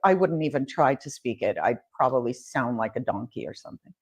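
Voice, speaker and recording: A woman in her fifties, a home builder guest on an interview podcast, telling lively stories and laughing often. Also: rumbling low, a little fast, husky. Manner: animated storyteller, laughs often. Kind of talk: casual interview chat.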